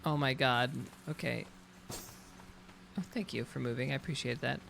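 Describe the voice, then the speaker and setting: A man's voice: mid-range voice, measured pace, creaky, fairly bright tone, slight background noise. A man streaming a roleplay game, ranting in exasperation and swearing often. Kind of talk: casual game chat.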